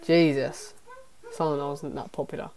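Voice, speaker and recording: A man's voice: on the high side, little pitch movement, normal speed, darkish tone. A young man giving casual, self-mocking reaction commentary on his old videos, swearing often. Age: young adult. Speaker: YouTuber.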